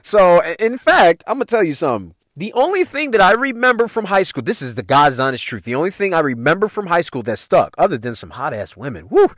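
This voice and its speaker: A man hosting a podcast, spinning childhood stories in a lively, swooping voice with plenty of cursing and slang. His voice sits a bit high for a man. The sound is dry and close, with no room around it. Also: fast talker, hardly any pauses, no echo. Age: adult parent. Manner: profane, animated, loose street slang. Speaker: podcast host. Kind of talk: casual storytelling.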